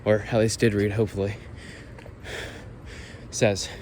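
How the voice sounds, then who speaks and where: A man's voice: lowish voice, level tone, a little slow, darkish tone. A man vlogging while he walks and jogs outdoors, out of breath, rambling and humming made-up lyrics. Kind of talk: casual walk-and-talk vlog. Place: outdoors, walking and jogging. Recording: noisy outdoor ambience.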